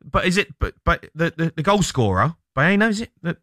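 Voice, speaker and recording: A man hosting a radio phone-in, matey and quick to cut in. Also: a little high, very animated, bright, forceful tone, dry recording, studio quality. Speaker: radio host. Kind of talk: phone-in chat.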